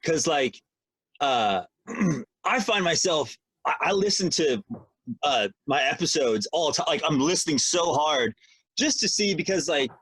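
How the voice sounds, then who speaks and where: A husky man with a lively, swinging pitch co-hosts a casual podcast, rambling and joking his way through his points. The sound is dry and close, with no room around him. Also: a little slow, dry recording. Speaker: podcast co-host.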